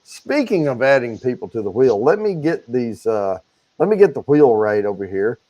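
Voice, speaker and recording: Man, casual livestream co-host, chatty, runs through giveaway rules, mid-pitched. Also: big pitch swings, moderate pace, mellow.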